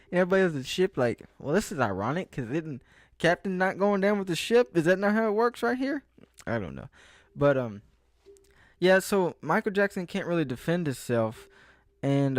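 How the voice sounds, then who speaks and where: A man's voice: a little high, dry recording, studio quality. A young man rambling through a casual vlog monologue, often losing his train of thought and breaking off mid-sentence. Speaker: vlogger.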